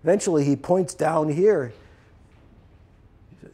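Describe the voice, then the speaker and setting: Man lecturer with a fairly high voice, animated storyteller who acts out the dialogue. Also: moderate pace, pauses often, a little hiss or hum. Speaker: process work teacher.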